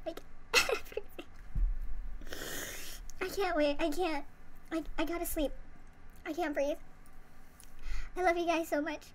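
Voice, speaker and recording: A woman's voice: very high-pitched, steady tone, measured pace, pauses often, a little hiss or hum. A young woman gushing breathlessly in a reaction vlog, swearing and repeating herself as she talks to her viewers. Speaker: fan reacting to a performance.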